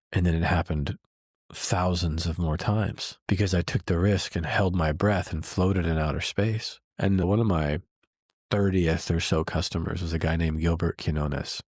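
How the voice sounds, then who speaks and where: A middle-aged man hosting a candid conversation, animated and acting out the lines he quotes. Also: sits low, creaky, slightly rough, dry recording, studio quality. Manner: animated, acts out quoted dialogue. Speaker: host and business coach.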